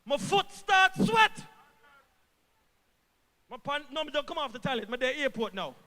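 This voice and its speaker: An Antiguan government minister from Antigua and Barbuda gives a fervent rally speech, repeating lines for emphasis and swinging from a hush to a shout. His voice is extremely high and very animated, paced in a measured way, with a big-room sound.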